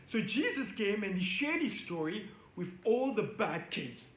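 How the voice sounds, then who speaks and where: A man's voice: high-pitched, sing-song, a little slow, reverberant. A man teaching young children at church, playful and coaxing as he talks straight to the kids. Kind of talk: lively lesson for young kids.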